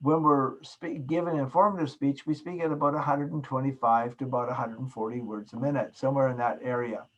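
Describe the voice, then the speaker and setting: A man's voice: medium pitch, steady tone, fairly quick, hardly any pauses, muffled recording. A man from Canada giving a recorded class lecture, stressing key words and repeating them for emphasis. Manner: emphatic, repeats key words, demonstrates soft and loud speaking.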